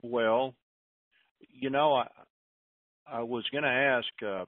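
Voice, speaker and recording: A man's voice: mid-range voice, fairly even intonation, slow, no echo. A man hosting a conference call, giving folksy advice and often restarting his sentences. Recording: tinny phone line.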